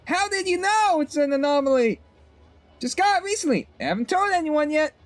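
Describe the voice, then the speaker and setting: A man doing a cheery falsetto shopgirl. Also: big pitch swings, brisk, soft background music. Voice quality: strained high falsetto. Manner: bubbly, sing-song customer-service chatter. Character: chatty young female shopkeeper, cheery. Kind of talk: game dialogue voiced by a streamer.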